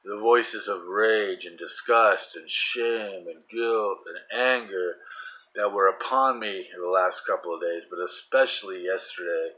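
A middle-aged man giving a fervent religious monologue, repeating himself and swinging from soft prayer to loud, urgent testimony. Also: deep voice, steady tone, normal speed, poor audio. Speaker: Christian vlogger.

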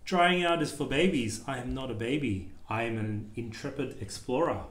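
A man's voice: medium pitch, normal speed, natural voice. A man doing a boastful little meerkat. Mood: proud. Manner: boastful, insistent. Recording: echoey room.

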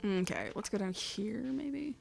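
A woman's voice: mid-range voice, lively intonation, a little slow, creaky, a little mellow, soft background music. Chatty young woman playing a farming game. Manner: chatty and rambling, counts aloud, frequent laughs and whispered asides. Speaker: let's play host. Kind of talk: casual gameplay commentary.

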